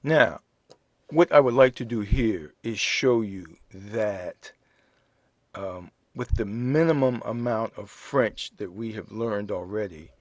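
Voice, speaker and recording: A man teaching a French lesson in English, explaining grammar slowly and spelling out words letter by letter. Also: lowish voice, no room sound, studio quality. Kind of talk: slow classroom explanation.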